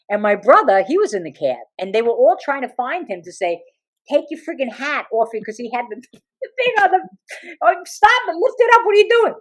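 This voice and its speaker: Animated New woman telling stories. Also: mid-range voice. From New Jersey. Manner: animated, laughing, brash. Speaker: guest storyteller. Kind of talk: comic storytelling in an interview.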